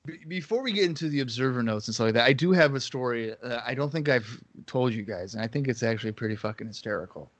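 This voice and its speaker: A man's voice: medium pitch, animated, no room sound. A man co-hosting a wrestling podcast, telling stories in casual chat and swearing freely. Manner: swearing, storytelling, quick asides. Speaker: podcast co-host.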